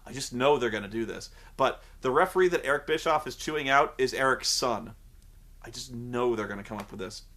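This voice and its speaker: A man's voice: medium pitch, brisk. A man reviewing a wrestling show in a casual, sarcastic rant. He swears freely and drifts off on tangents. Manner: animated, profane, sarcastic, goes off on tangents. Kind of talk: casual ranting commentary.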